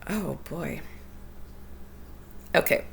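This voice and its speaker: A woman's voice: very slow, fairly bright tone. A woman hosting a solo podcast, talking candidly and personally about her own life, often laughing and repeating her phrases. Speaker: podcast host. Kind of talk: reflective solo podcast talk.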